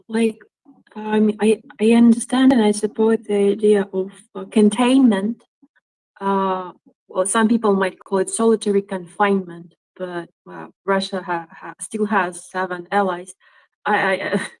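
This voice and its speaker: A woman from Ukraine speaks in an online audio discussion. She is thoughtful and measured, and often pauses to search for the right words. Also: mid-range voice, darkish tone, rough recording. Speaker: Twitter Space speaker. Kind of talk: spontaneous discussion. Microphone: online audio room.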